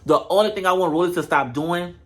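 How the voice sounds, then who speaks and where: Sassy host recapping reality tv to camera, mid-pitched, no filter. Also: a little fast, a bit bright. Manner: blunt, sassy, talks straight to viewers. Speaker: show reviewer. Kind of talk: casual reality-show recap. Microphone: camera mic.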